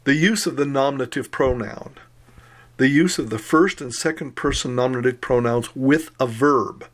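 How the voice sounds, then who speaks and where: Methodical man teaching Greek grammar. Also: medium pitch. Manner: methodical, explains slowly and spells out forms. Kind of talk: recorded grammar lecture.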